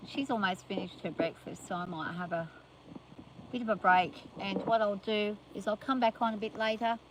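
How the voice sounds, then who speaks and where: A woman's voice: medium pitch, fairly even intonation, moderate pace. Older aussie lady rambling on a farm livestream, phone mic, bit of outdoor noise. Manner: chatty, rambling, scolds animals playfully. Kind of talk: casual livestream chat.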